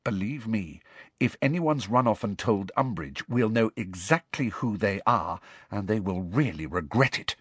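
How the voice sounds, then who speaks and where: A man voicing a clever, bossy teenage schoolgirl who talks in a brisk, precise way. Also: mid-range voice, huge pitch swings, husky, no room sound, pitched above the performer's own voice. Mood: grim. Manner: brisk and precise, firm and grim when crossed.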